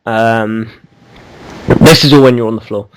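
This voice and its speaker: A man's voice: mid-range voice, fairly even intonation, a little slow, a little hiss or hum, poor audio. A man co-hosting a casual gaming podcast, rambling and teasing, with lots of ums and restarts. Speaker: podcast co-host.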